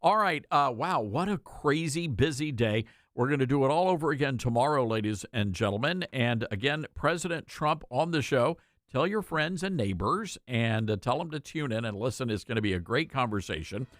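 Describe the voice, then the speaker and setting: A man's voice: mid-range voice, animated, moderate pace, a bit bright, no echo, studio quality. A man hosting a talk radio show, speaking in an emphatic, folksy way.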